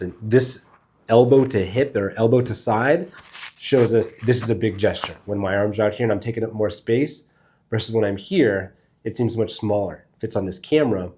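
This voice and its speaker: A man with a fairly low, mellow voice teaches in a loose, conversational way. He swears casually and works through his ideas out loud, like a speaking coach talking straight to camera. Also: brisk. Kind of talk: casual spoken lesson to camera.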